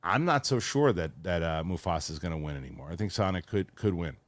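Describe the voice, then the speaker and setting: A man's voice: fast, no echo, studio quality. A middle-aged man hosting a casual movie podcast, talking animatedly and sometimes mimicking voices. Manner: animated, mimics voices mockingly in high squeaky tones. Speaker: show host.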